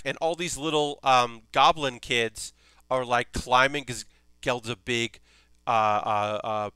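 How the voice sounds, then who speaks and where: A man chats on a live stream as he builds a model kit, rambling eagerly and cursing now and then. His voice is bright and very clear, caught dry and close on the mic. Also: mid-range voice, dry recording. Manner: rambling and enthusiastic, swears freely. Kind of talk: casual live-stream chat.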